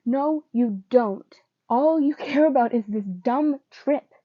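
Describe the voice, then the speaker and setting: A woman's voice: on the high side, normal speed, muffled recording. A woman reading the part of a young man who is a hot-tempered but caring boyfriend. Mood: angry. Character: young man, angry then remorseful boyfriend.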